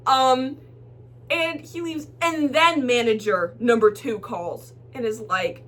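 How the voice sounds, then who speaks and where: Young woman co-host, high-ish, animated storyteller, a little off-mic with light hum. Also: slow, recorded from a distance. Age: young adult. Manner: animated, swearing, laughing through the story. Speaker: vlog co-host. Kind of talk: casual storytelling. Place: dorm room.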